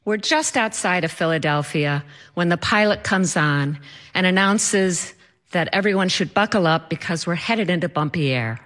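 A woman telling a personal story with animated, comic timing. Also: lowish voice, moderate pace.

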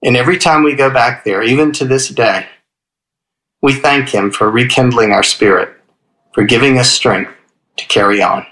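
Male storyteller, average pitch; gentle, heartfelt first-person telling. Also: moderate pace, low-quality recording.

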